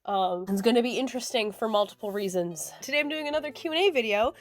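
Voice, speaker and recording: A young woman, sick with a raspy voice, chatting effusively in a casual Q and A vlog into her phone, which she uses as a mic. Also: fairly high pitch, animated, fast. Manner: chatty and effusive, many fillers. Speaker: cosplay YouTuber. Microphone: phone used as microphone, held close.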